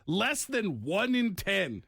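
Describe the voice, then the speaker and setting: A man co-hosting a comedy podcast, relaying facts in animated, casual chat and laughing often, recorded in a podcast studio. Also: high-pitched, slow pace, vocal fry, breathy edge, dry recording. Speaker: podcast co-host.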